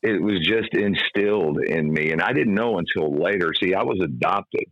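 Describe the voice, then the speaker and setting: A man's voice: low voice, moderate pace, no echo, lo-fi sound. A middle-aged man from Kentucky with a trained radio voice, telling stories casually in an interview. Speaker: guest, comic hypnotist and former radio DJ.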